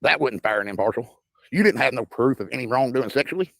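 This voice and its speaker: A man makes his case as a guest in an insistent, preachy way. His voice is gravelly and he talks quickly. The sound is dry. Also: medium pitch, expressive, fairly bright tone, no room sound. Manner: insistent, preachy, repeats points. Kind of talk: impassioned commentary.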